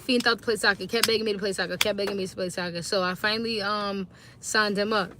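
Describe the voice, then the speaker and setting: A woman's voice: mid-range voice, fairly even intonation, fast, background noise. A tired woman talking casually to viewers on a phone live stream, chatty and slangy, greeting them again and again. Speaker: livestreaming mom.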